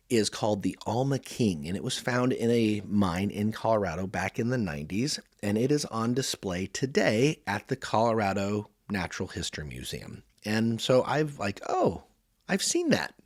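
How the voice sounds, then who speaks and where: Enthusiastic, rambling man in his forties, podcast host; lowish voice, dry sound. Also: no room sound. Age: 40s. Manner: chatty, rambling, enthusiastic storyteller. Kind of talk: casual product review chat.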